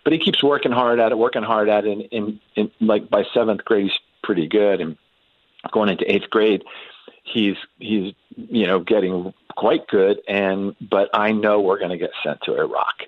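A man telling a long family story as a guest in a conversation, talking haltingly with many restarts and fillers. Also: fairly low pitch, steady tone, dry recording. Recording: tinny phone-like sound.

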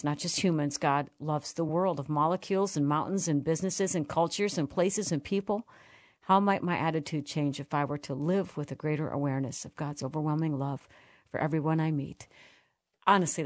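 A woman hosting an interview, earnest and reflective, reading passages aloud slowly. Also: deep voice, darkish tone, no room sound, clean studio sound. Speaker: host. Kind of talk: radio interview.

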